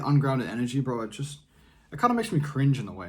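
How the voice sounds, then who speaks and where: A man's voice: mid-range voice, sing-song, quick pace, a little mellow. A young man vlogging casual advice in a laid-back, rambling way, peppering his talk with slang. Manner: rambling, often trails off and restarts.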